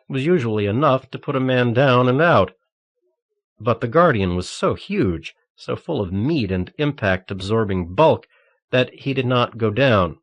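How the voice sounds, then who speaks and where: A man narrating an audiobook thriller in a steady, measured reading. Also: fairly low pitch, dry recording.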